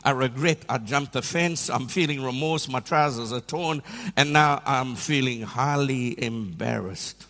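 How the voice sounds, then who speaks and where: A preacher delivers a lively sermon, jumping from funny stories about himself to scripture. His voice carries a long reverb from a large church hall. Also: mid-range voice. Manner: animated storytelling with self-deprecating humor.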